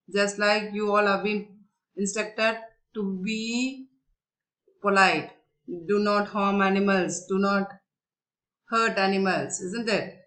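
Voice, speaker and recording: A woman's voice: medium pitch, a bit bright, rough recording. A woman teacher, patiently explaining a story lesson and asking and answering her own questions.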